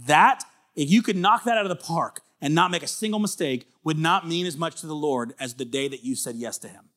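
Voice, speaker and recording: Male pastor, preaching a sermon, conversational then emphatic, slightly high voice. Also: fairly quick. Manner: conversational preaching, builds to loud emphatic peaks.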